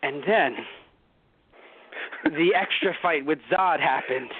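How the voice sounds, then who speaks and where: A man with a high, lively voice rants and rambles as a podcast co-host, dropping curses into nearly every sentence. The sound is thin and phone-like, with no room around it. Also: a little slow, slightly rough, no room sound. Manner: animated, heavy swearing, rambling asides. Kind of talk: casual podcast chat.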